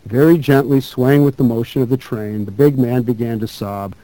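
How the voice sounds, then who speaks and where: Man reading a story aloud, measured and thoughtful, mellow voice, dry close sound. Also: mid-range voice, fairly even intonation, dry recording, poor audio. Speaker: speaker.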